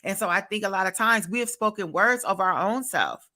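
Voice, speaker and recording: A woman's voice: medium pitch, animated, fairly quick, sharp tone. A woman host on a faith-based podcast, preaching emphatically and repeating phrases for effect over a video call. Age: adult, a parent.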